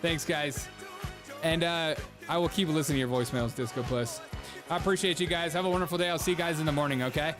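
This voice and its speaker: A man with a slightly higher-than-average voice hosts a casual live stream. He talks sarcastically and mockingly, laughs often, and reads out viewer messages, with faint music playing behind him. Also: fairly even intonation, quick pace. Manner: reads viewer chat aloud.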